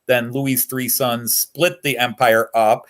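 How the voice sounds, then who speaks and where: A man's voice: mid-range voice, little pitch movement, slow, a bit bright. A man talking casually and at length on a hobby chat show, rambling and getting worked up over history.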